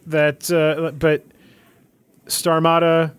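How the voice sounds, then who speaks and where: A man's voice: on the high side, completely flat delivery, drawn-out words, clear, resonant tone, no echo. A man co-hosting a casual podcast, explaining game rules in a hesitant way with lots of fillers. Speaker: podcast co-host. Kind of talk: casual podcast chat about a tabletop game.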